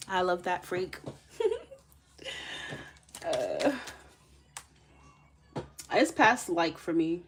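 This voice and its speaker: A woman's voice: lowish voice, expressive, slow pace, long pauses, a bit bright, a little hiss or hum. A woman reading tarot on a live stream, chatting casually with viewers and laughing often. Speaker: tarot reader.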